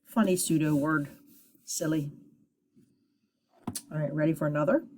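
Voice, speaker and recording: A woman teacher giving a phonics lesson to children, sounding out syllables slowly and encouragingly. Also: low voice, darkish tone, slight background noise.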